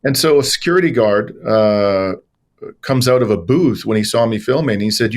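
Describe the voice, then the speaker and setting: Male interview guest, low voice, chatty anecdotes with frequent uhs and restarts. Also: expressive, moderate pace. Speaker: guest journalist and lawyer. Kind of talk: conversational interview storytelling.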